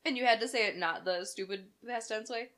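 A woman's voice: on the high side, fairly bright tone. A woman co-hosting a casual true crime podcast, teasing and joking with her friend. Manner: teasing, quick with jokes. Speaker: podcast co-host.

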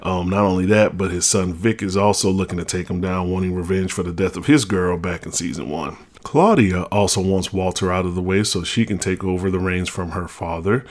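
Male podcast host with a deep voice who gives opinionated, casual reviews. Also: a little fast, few pauses. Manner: blunt, opinionated, chatty.

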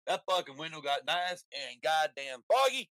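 A man co-hosting a podcast, joking loudly with lots of swearing during casual banter. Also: a little high, very animated, normal speed. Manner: loud, profane and joking. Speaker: podcast co-host.

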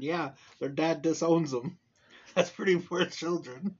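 Husky dude laughing and teasing his cohost, muffled lo-fi audio. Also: a little high, slow pace. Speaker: podcast co-host. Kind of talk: explicit casual chat. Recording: dull lo-fi recording.

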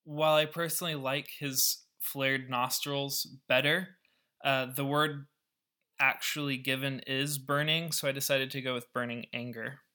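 A man's voice: mid-range voice, little pitch movement, unhurried, pushed and bright. A man and podcast host who explains a scripture story in a casual, wry way, with asides. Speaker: podcast Bible teacher.

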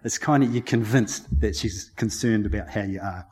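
A man's voice: fairly low pitch, moderate pace, a little mellow, slightly rough. A middle-aged man speaks to his congregation before preaching. He talks in a chatty, heartfelt way, laughing often and getting emotional as he shares his testimony. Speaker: lay preacher. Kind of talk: personal testimony before a sermon.

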